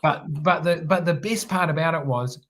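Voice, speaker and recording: Relaxed New Zealand man telling stories. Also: a little high, moderate pace. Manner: relaxed, rambling, frequent restarts and repeated words. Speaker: podcast guest, former air force helicopter pilot. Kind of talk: casual storytelling interview.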